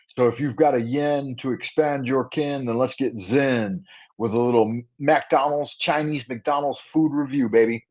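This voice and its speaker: A man hosting a casual livestream food review, talking to his viewers in a playful, chatty way with rhyming patter and asides. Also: mid-range voice. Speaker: livestream host. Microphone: livestream setup.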